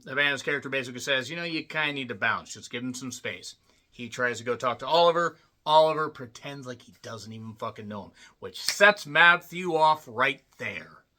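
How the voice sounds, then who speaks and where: A man giving a rambling, casual movie recap, clearing his throat often and swearing bluntly. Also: a little high, bright, forceful tone. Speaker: movie reviewer.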